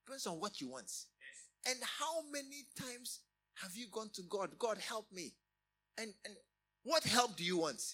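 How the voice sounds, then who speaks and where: A middle-aged man preaching a sermon, emphatic, often repeating and restarting phrases with sudden rises in loudness. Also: very high voice, big pitch swings, normal speed. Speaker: pastor.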